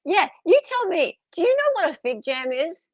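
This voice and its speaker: A woman's voice: extremely high pitch, sing-song, normal speed, no echo. An Australian woman hosting a live stream, chatting casually and animatedly, laughing often. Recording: dull, dry, slightly lo-fi.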